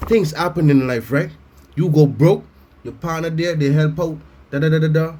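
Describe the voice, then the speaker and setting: A man giving a loud, blunt comic reaction rant, swearing and mocking as he talks. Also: on the high side, normal speed. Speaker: reaction commentator. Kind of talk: profane comedic reaction rant.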